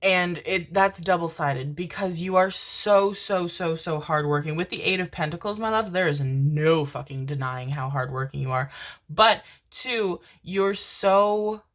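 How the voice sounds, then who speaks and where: A woman's voice: on the low side, unhurried. Affectionate woman doing a tarot reading. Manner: affectionate, constantly calls viewers "my loves" and "my babies"; swears casually, laughs often. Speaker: tarot card reader. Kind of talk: casual tarot reading to camera.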